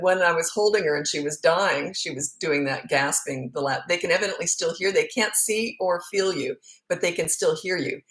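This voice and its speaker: A middle-aged woman coaching parents in a relaxed question-and-answer session. Her voice sits a little low, and she speaks bluntly and frankly, often repeating a word to drive her point home. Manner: blunt, frank and emphatic, repeats words for stress. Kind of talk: casual Q&A answering viewer questions.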